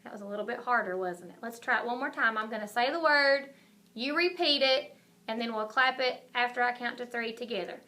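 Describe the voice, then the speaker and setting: Woman, kindergarten teacher, high voice, bright tone, slow and encouraging, video lesson. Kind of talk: recorded video lesson for young children.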